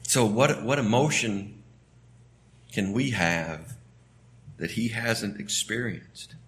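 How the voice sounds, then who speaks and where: A man from the Southern US with a Southern American accent, preaching a sermon in a conversational way, often restarting phrases and suddenly rising in pitch and volume. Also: expressive, slow, fairly bright tone.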